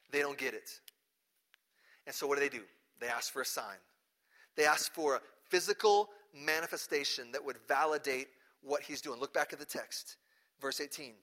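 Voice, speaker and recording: A male pastor preaching a sermon, animated, acting out the people in the story as he goes. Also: on the high side, moderate pace, long pauses.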